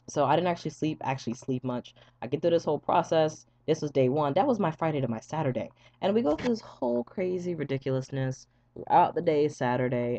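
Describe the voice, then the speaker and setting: A young man vlogging, telling a story casually to his viewers, animated and profane, laughing often as he goes. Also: mid-range voice, no room sound. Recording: dull lo-fi dry sound.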